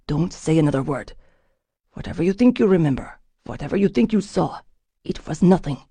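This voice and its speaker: A woman voicing a guarded, intense man who speaks in low, clipped, urgent tones and often drops to a hush, in an audiobook. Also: animated, brisk, slightly rough, dry recording. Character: guarded intense man, cold then desperate.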